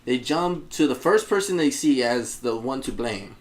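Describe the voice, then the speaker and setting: Laughing, swearing podcast co-host. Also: male voice, medium pitch, expressive, moderate pace. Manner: laughs through his stories, swears, acts out both sides of a dialogue. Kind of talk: casual chat, telling a personal anecdote.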